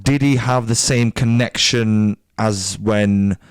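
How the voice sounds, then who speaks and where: A man's voice: fairly low pitch, fairly even intonation, slow pace, clean tone, no echo. A man in a casual podcast debate who rambles and searches for his words. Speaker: podcast co-host.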